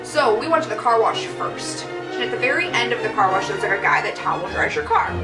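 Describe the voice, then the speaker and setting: A woman's voice: fairly high pitch, animated, brisk, reverberant, far from the mic, over music, rough recording. A young woman vlogger telling embarrassing stories in a rambling, profane, self-mocking way. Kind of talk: casual storytelling vlog.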